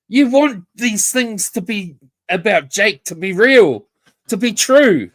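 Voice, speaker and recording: A man's voice: high voice, lively intonation, slow, a bit bright. A man ranting confrontationally on a casual livestream, swearing and repeating himself. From New Zealand.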